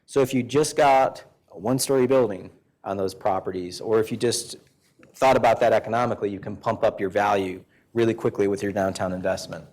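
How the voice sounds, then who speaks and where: A man's voice: on the low side, brisk, a little mellow. A man giving a public presentation to a local government board in a folksy, conversational way. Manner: folksy storyteller acting out quoted exchanges.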